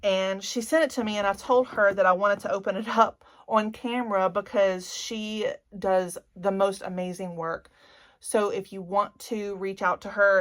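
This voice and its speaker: A woman in her forties with a Cajun Louisiana accent, chatting candidly and gushing emotionally as a beauty vlogger. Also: mid-range voice. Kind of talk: candid vlog chat.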